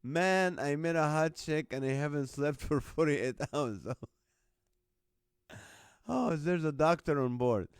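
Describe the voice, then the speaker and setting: A man's voice: a little high, takes it slowly, long pauses, clear, resonant tone, no room sound, studio quality. A man hosting a live stream, reading out viewers' jokes and laughing often between lines. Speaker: host.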